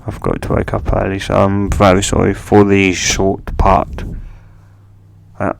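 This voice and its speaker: Slow, gravelly-voiced man narrating. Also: sits low, monotone, slight background noise. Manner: rambling, halting, many fillers. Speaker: fan storyteller. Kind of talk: casual fan-fiction narration.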